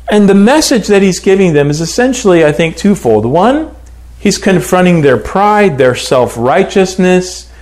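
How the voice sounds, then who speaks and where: A man teaching a Bible lesson, reading scripture aloud and commenting on it with lively emphasis. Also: fairly high pitch.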